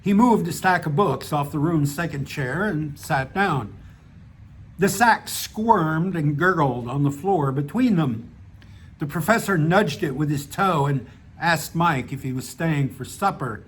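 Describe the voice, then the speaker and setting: A man, the author, reading his own short story aloud, relaxed, with small restarts and casual asides. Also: fairly high pitch, a little slow, husky. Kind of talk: audiobook narration of a short story.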